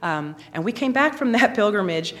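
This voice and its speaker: A woman in her forties giving a lively personal testimony, acting out the voices of people in her story. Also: medium pitch, moderate pace. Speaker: speaker telling her faith story. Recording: long reverb, hall.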